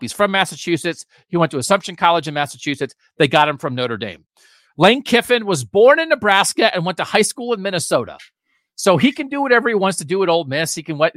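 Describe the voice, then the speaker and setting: A man's voice: sits high, a bit bright, no echo, clean studio sound. A man co-hosting a sports podcast, giving emphatic, opinionated talk with sarcastic asides.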